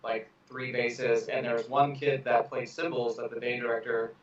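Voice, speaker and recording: A man's voice: mid-range voice, moderate pace. A man who teaches percussion, telling stories casually on a podcast, with many "like" fillers. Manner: flat, storytelling, heavy use of "like". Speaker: percussion instructor. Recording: echoey distant dull sound with crowd noise.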